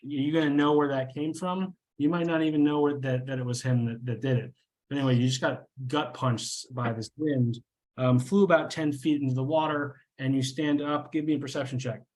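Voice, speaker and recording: Young male game master, halting, filler-heavy narration, mid pitch. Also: fairly even intonation, a little mellow. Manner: halting, many fillers and restarts.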